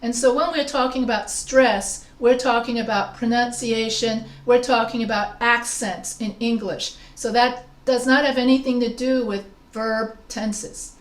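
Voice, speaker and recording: A woman's voice: fairly high pitch, fairly even intonation, reverberant. A woman instructor giving a grammar lesson to an online class, explaining step by step and calling on students. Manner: explains slowly with examples, asks students questions. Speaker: writing instructor.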